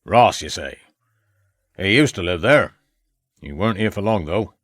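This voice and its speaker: A terse old farmer with a burr, as a man reads him. He speaks in short, clipped phrases in a low voice that still rises and falls a lot, recorded close and dry. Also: animated, measured pace, fairly bright tone, no room sound. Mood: curt. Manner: terse, clipped dialect speech. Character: gruff old male rural farmer, curt.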